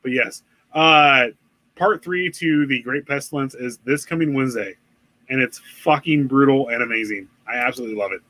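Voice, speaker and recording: A man's voice: mid-range voice, normal speed, sharp tone, low-quality recording. A man co-hosting a casual live-streamed podcast, rambling with many fillers and swearing often. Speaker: podcast co-host.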